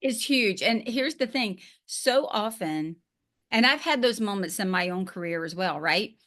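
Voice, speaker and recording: A woman hosting a podcast as a business coach, talking in an energetic, emphatic, encouraging way. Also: mid-range voice, unhurried. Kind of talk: casual interview chat.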